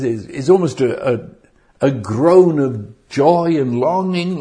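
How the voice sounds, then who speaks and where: Slow, earnest male preacher. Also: mid-range voice, lively intonation, dark tone. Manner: slow, earnest, building to fervent outbursts; repeats words when restarting. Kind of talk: sermon.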